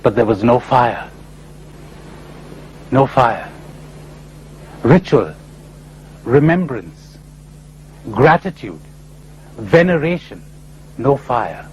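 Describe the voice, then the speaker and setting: A man's voice: medium pitch, very slow, pauses often, dull audio, slight background noise. A man giving a spiritual lecture full of stories, told in a playful, emphatic way. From India. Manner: animated storyteller, playful and emphatic. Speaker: spiritual speaker.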